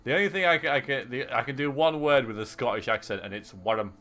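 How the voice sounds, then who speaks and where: A man of medium pitch speaks quickly in a bright, forceful tone while streaming a game, with a little hiss or hum on the audio. He's chatty and jokey with his viewers and laughs often. Game music is faint in the background.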